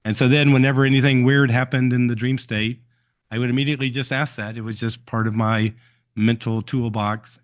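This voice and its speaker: A man hosting a live stream who answers viewer questions and tells stories in a relaxed way, with frequent ums and uhs. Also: mid-range voice.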